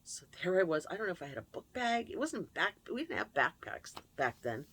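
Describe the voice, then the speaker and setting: A woman's voice: fairly low pitch, very animated, fairly quick, a bit bright, breathy edge. A woman host speaking candidly and emotionally in a confessional personal story, recorded at her computer. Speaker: channel host.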